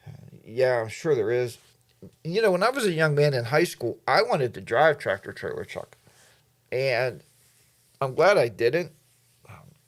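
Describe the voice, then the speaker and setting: A man's voice: mid-range voice, gravelly. A man hosting a casual livestream, reading viewer comments and rambling off topic. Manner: rambling, admits he goes off topic. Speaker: livestream host.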